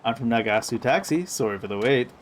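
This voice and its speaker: A man's voice: mid-range voice, expressive, quick pace, a little hiss or hum, lightly acted. A man reading a dry, stoic taxi driver.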